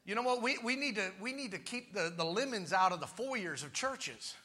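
A man preaching with exuberant shouting and calling out to his congregation. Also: sits high, lively intonation, normal speed, a little hiss or hum. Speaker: pastor. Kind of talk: sermon.

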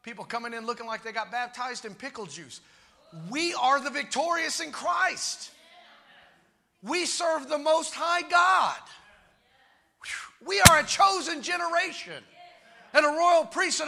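A man preaching with exuberant shouting and calling out to his congregation. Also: very high-pitched, creaky. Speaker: pastor. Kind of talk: sermon.

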